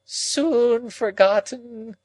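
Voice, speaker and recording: A man reading an audiobook, voicing a grief-stricken, possessive old woman in a high, wailing, drawn-out voice. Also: big pitch swings, no echo, full character voice, low-quality recording. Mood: moaning.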